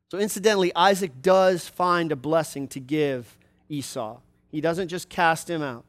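A man's voice: fairly high pitch, moderate pace. A man preaching a sermon, retelling a story with conversational, explanatory asides.

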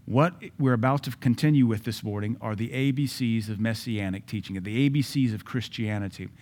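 A man's voice: fairly low pitch, brisk, a little mellow. Emphatic preaching man. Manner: emphatic preaching with repeated phrases. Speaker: pastor. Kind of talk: sermon. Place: church service.

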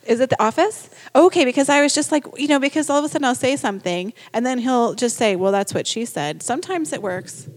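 A woman's voice: sits high, fast talker, few pauses. A woman telling a frank, chatty story as a parent. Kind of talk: casual storytelling.

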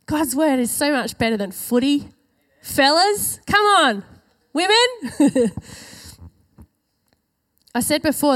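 A woman with a high, light voice delivers a church sermon. She is earnest and emphatic, leaning on key phrases and drawing them out slowly for weight. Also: vocal fry, a little mellow. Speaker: preacher.

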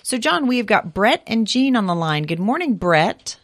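A woman's voice: medium pitch, big pitch swings, normal speed. A woman hosting a call-in garden radio show, chatty with some fillers. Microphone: studio microphone.

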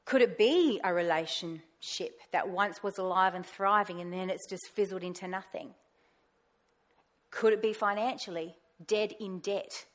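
A woman giving a personal faith testimony, animated, acting out her own past words in a raised voice. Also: medium pitch, measured pace. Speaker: pastor's wife sharing testimony.

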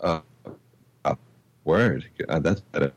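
A man's voice: rumbling low, slow, low-quality recording. A man co-hosting a casual podcast over a remote call, laid-back and swearing freely. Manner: laid-back, swears and says bro a lot. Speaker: podcast co-host. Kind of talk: casual chat. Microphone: headphones on a remote call.

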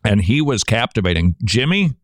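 Lively radio host man. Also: lowish voice, no room sound. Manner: lively, quick asides and laughs with a co-host. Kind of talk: radio show introduction.

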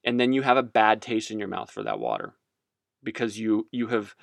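A man in a casual, joking teaching talk, his pitch jumping all over. The sound is dry and close with no room at all. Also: moderate pace, vocal fry, no echo. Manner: rambling, jokey, animated. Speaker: speaker on faith.

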